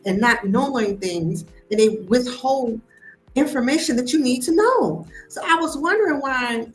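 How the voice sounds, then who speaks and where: A woman's voice: high-pitched, moderate pace, echoey room, faint music behind, rough recording. American woman telling her story. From United States. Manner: animated, acts out quoted voices. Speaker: host of a live stream. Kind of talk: personal storytelling.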